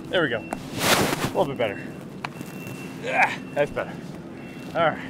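A man's voice: fairly high pitch, wildly swooping pitch, slow, heavy background noise. A man who plays baseball, joking and chatting on a clip-on mic at outdoor training. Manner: joking, chatty, laughs often. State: out of breath. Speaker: baseball pitcher. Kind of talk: casual chat while training.

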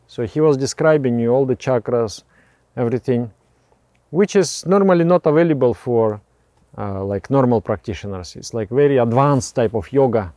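A man at medium pitch teaches meditation, explaining breathing practice haltingly. He often repeats words and restarts phrases, laughing softly between remarks, with no room sound.

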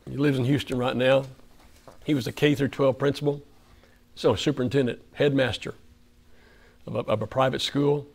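A man's voice: mid-range voice, fairly even intonation, normal speed, creaky, long pauses. Folksy Oklahoma preacher man. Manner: conversational, folksy, asks the room questions. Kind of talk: sermon. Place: church fellowship hall.

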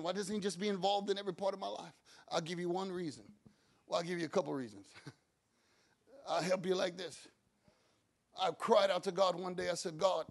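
Male pastor, bright and gravelly, sermon that builds to shouting. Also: high voice. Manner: builds from quiet talk to shouted preaching; acts out his own prayers and God's replies.

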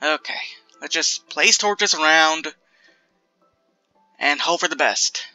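A young man giving casual, chatty commentary while playing a building game, jumpy and self-mocking and quick to laugh. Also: a little high, pushed and bright, soft background music. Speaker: gaming video creator.

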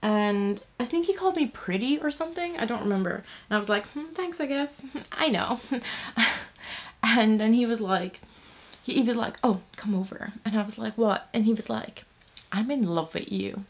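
A woman's voice: mid-range voice, normal speed. A young woman from Latvia chatting casually while doing her makeup, swearing freely and saying "like" a lot. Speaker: beauty vlogger.

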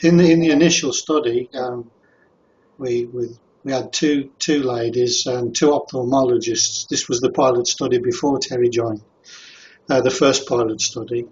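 A man's voice: medium pitch, normal speed. Man telling stories on a lo-fi radio call. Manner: relaxed storytelling with frequent restarts. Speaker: guest. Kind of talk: radio interview talk. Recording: dull lo-fi call audio with faint noise.

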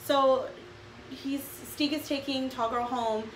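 A woman's voice: high-pitched, fairly even intonation, takes it slowly, crowd noise. A woman hosting a casual podcast chat, recapping a plot in a dry, wry way. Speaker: podcast host. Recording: echoey room with background noise.

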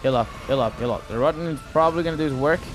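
Rapid-fire and a little high-pitched, this man commentates live gameplay for his YouTube channel, full of exclamations, repeated words and rambling. Background music runs underneath.

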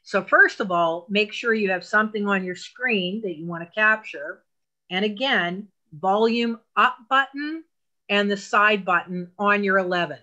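A woman leads an online phone class at an unhurried pace. Her voice is bright and forward, and she gives patient, step-by-step instructions with emphatic asides. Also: medium pitch, muffled recording.

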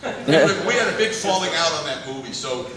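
A man's voice: on the high side, very fast, very noisy. A man, a film director, telling rambling anecdotes on stage with frequent chuckles, taped from the audience. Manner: rambling, chuckling, animated storyteller. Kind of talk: anecdotal Q&A storytelling. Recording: echoey hall, taped from far off in the audience. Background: audience laughter and room ambience.

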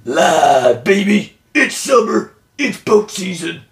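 A gravelly, swaggering wrestler impression, put on by a man, growling out hammy catchphrases in a high, rough voice. It sounds like a big echoing room, with the voice a little way off from the mic. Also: sing-song, slow, full character voice. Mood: boastful. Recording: roomy echo, distant from mic.

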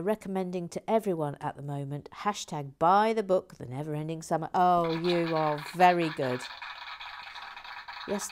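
A woman hosting a LEGO building livestream, chatting playfully, reading out viewer comments and scatting little nonsense tunes as she builds. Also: fairly low pitch.

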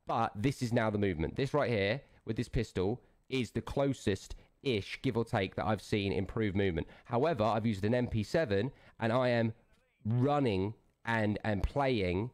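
A man with a somewhat low voice rants at a viewer during a game stream. He is aggressive and profane and keeps firing off challenging "yeah?"s. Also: moderate pace, darkish tone. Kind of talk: angry livestream rant.

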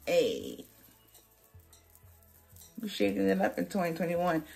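A woman's voice: on the low side, normal speed, creaky, long pauses, soft background music. A woman beauty vlogger chatting through a wig tutorial, sassy and playful, joking with her viewers as she works.

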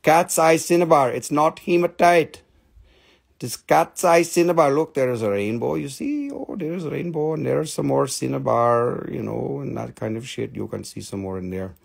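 A man's voice: medium pitch, animated, moderate pace, gravelly, breathy edge. A man hosting a live stream that sells crystals and minerals, with rambling, joking, playfully crude sales patter. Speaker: host selling crystals and minerals.

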